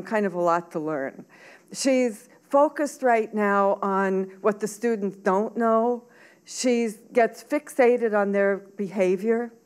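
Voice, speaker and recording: A woman's voice: mid-range voice, darkish tone, clean tone. Woman teacher educator lecturing thoughtfully. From Southern Oregon, US. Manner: thoughtful, with frequent fillers and restarts. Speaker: teacher educator giving a talk. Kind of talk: lecture with novel reading.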